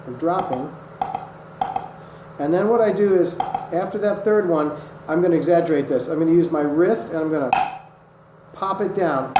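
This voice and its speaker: A man teaching drumming technique, patient and methodical, calling out strokes as he demonstrates them. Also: on the high side. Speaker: drum instructor. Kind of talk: instructional demonstration. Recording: echoey room with loud noise. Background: drumming on a practice surface.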